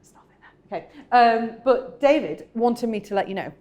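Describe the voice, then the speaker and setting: A woman co-hosting a chatty podcast, her voice sitting a little high. She talks in an animated, giggly way and drops into bits of song. Her microphone peaks when she gets loud. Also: moderate pace. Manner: giggly, animated, sings snatches of songs. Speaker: podcast co-host. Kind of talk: casual chat. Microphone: microphone peaking when loud.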